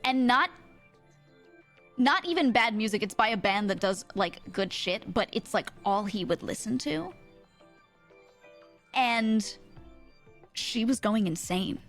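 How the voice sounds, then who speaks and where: A woman's voice: fairly high pitch, expressive, a little slow, long pauses, fairly bright tone, faint music behind. An American woman streamer telling a story in casual chat, rambling with lots of fillers and frequent laughter.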